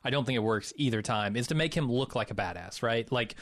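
A man's voice: medium pitch, fast talker, fairly bright tone, dry recording, clean studio sound. A man co-hosting a casual movie review podcast, wry and profane, often breaking into laughs. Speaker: podcast co-host.

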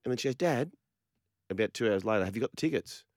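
An Australian man hosting a sports radio show, telling stories in an animated, chatty way. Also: fairly low pitch, fast talker, no echo, clean studio sound. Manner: animated storyteller, laughing. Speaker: radio host.

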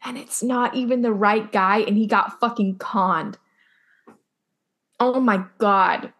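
A woman's voice: medium pitch, fairly even intonation, slow, a bit bright. A woman co-hosting a casual podcast, talking emphatically and bluntly, swearing freely as she reacts to a TV episode. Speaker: podcast co-host. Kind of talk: casual chat recapping a TV episode.

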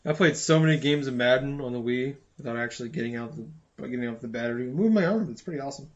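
A young man co-hosting a casual gaming podcast, talking in a laid-back, deadpan way. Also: mid-range voice, fast talker, highs cut off. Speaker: podcast co-host.

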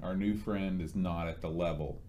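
A man's voice: low-pitched, fairly even intonation, moderate pace, warm tone. Easygoing male podcast co-host. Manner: easygoing, agreeable, frequent backchannel. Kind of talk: casual game-review chat.

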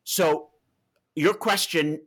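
A man's voice: on the high side, drawn-out words, slightly rough. A man who wrote a book on Libya, answering interview questions and telling stories to explain his points. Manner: animated storytelling with vivid asides. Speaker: author and Libya analyst.

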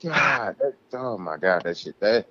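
A man's voice: on the low side, expressive, a little slow, pushed and bright, muffled recording, slight background noise. A man co-hosting a casual podcast, ranting heatedly and swearing a lot. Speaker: podcast co-host.

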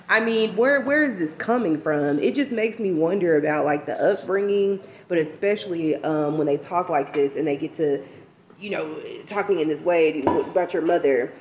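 A man's voice: fairly high pitch, slight background noise. A man leaving a reflective, questioning voice message. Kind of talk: casual chat.

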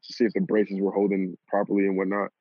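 A young man casually telling a personal story, animated and swearing and laughing at himself. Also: sits low, fast talker, no room sound. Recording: lo-fi phone-like audio.

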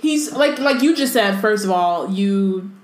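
A woman's voice: mid-range voice, measured pace, a crowd in the background. Chatty woman in an echoey room. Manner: relaxed, chatty, full of fillers like "like". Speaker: podcast co-host. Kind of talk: casual chat.

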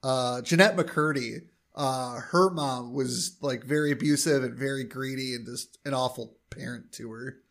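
A man's voice: medium pitch, normal speed, hardly any pauses, fairly bright tone. A man co-hosting a podcast, casually recapping a TV episode with lots of "uh" and "um" and quoting the characters' lines. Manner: recaps plot with many fillers and quoted lines. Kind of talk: casual chat.

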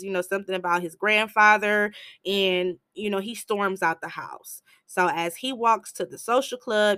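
A woman hosting a podcast, recapping a film in a casual, animated way, bluntly swearing and jumping into higher voices to act out what the characters say. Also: no echo, clean studio sound. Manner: animated storyteller who jumps into high voices to act out quotes. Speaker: podcast host reviewing a film.

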